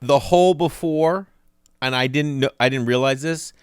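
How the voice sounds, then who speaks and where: Male comedian co-host, lively storyteller who acts out the voices, smooth clear tone, dry studio sound. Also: medium pitch, moderate pace, dry recording.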